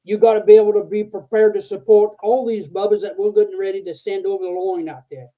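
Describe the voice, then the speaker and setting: A man's voice: high voice, steady tone, fast talker, close to an everyday voice. A man doing a barking Australian general. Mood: commanding. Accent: Australian, done badly. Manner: barking orders to a whole room. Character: stern, huge Australian three-star general, man. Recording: tinny phone-like line.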